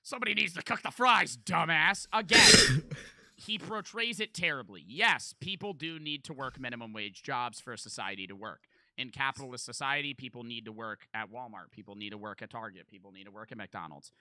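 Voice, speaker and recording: A male streamer talks back at a video in casual, profane, argumentative bursts, with a very bright, sharp edge to his voice. His mic sounds close and dry, with no room around it. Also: medium pitch, fairly quick, no echo. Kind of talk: casual live reaction commentary.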